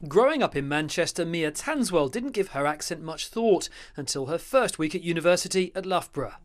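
A reporter narrating a scripted news report in an even, informative delivery. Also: mid-range voice, brisk, a little hiss or hum.

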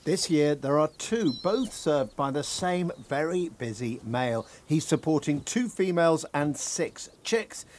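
A man's voice: fairly high pitch, lively intonation, measured pace, hardly any pauses, darkish tone, a little hiss or hum. A man narrating a wildlife news report with vivid, enthusiastic delivery. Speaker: climate editor.

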